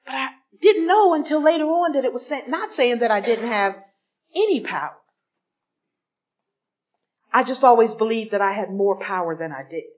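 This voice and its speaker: A woman speaking at a recovery workshop, telling her story to a live audience and acting out the voices of people in it. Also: medium pitch. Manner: animated, acts out voices in her stories. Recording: dull lo-fi recording.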